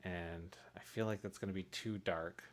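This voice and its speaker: A man's voice: sits low, fairly even intonation, normal speed. A man casually narrating his work on a live stream, thinking aloud and chuckling at his own mistakes. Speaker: streamer making pixel art for a game.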